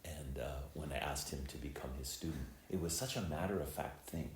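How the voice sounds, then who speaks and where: Very deep-voiced man, reflective dharma talk. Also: a little hiss or hum. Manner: reflective, unhurried, many filler words. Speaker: Zen teacher and preceptor. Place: temple hall. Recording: echoey temple hall, faint ambience.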